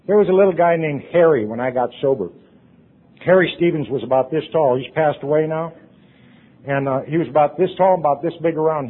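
Husky man sharing his recovery story. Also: fairly high pitch. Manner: earnest storytelling, drops to hushed tones at emotional points. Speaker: recovery meeting speaker. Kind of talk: personal recovery talk. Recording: tinny phone-like recording.

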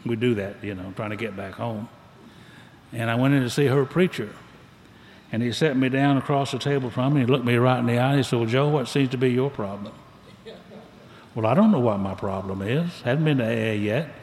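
An older man tells his own story to a recovery meeting in a plainspoken, folksy drawl. His mid-pitched voice carries through a reverberant hall, with a faint hum of room noise underneath. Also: brisk, darkish tone.

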